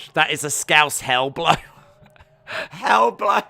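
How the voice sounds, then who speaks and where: Male streamer, excitable reactor, slow-spoken between outbursts, bright tone. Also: a little high, creaky. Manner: excitable, shouting and exclaiming in bursts. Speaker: live stream watch-along host. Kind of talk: live fight reaction commentary.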